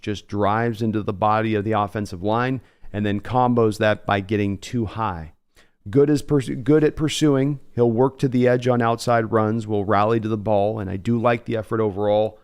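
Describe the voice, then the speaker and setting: A man with a lowish, smooth and clear voice hosting a live draft reaction stream. He talks casually and analytically, mixing player breakdowns with viewer shout-outs. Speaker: host.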